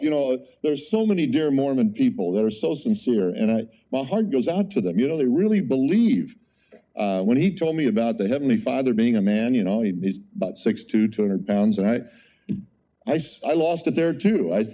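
A man preaching a conversational sermon as a pastor, telling an animated story with frequent exclamations. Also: medium pitch, a little fast.

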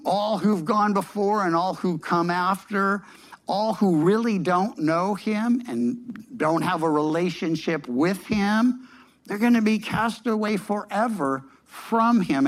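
A man's voice: high voice, poor audio. A man preaching a sermon, explaining scripture in a conversational way, often restarting phrases and leaning on emphatic repetition. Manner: conversational, with frequent restarts and filler words. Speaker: pastor.

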